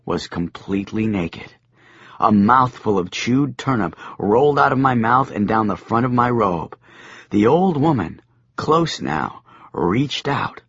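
A man narrates a comic novel in the first person, with a wry, deadpan edge and a lively, rolling pitch. His voice has a husky grain, recorded dry and close, with a slightly dull, lo-fi audiobook sound. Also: dry recording.

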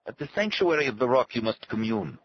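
A man's voice: medium pitch, big pitch swings, a little fast, lo-fi sound, a little hiss or hum, pitched above the performer's own voice. A man voicing a sad, haughty native servant who speaks in formal, stately phrases. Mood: solemn. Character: solemn, haughty male native servant and guide. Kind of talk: audiobook character voice.

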